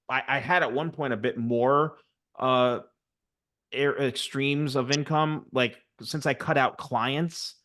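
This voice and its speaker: A man of middle pitch talks casually as an interview guest, speaking from his home office over a video call. He often stops and restarts his sentences with fillers. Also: bright, forceful tone. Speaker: guest, hair stylist and YouTuber.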